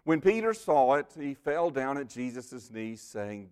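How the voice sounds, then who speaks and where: A man preaching a sermon who addresses his congregation directly. He drops to hushed, near-whispered lines and then rises into loud, emphatic bursts, with a middle-pitched voice throughout. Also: sing-song, measured pace, clean tone. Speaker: pastor.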